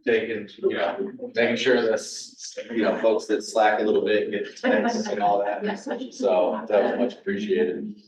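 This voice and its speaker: A man giving thanks at a team meeting, relaxed and grateful. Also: on the low side, a little slow, vocal fry. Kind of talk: casual meeting remarks. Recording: distant echoey room.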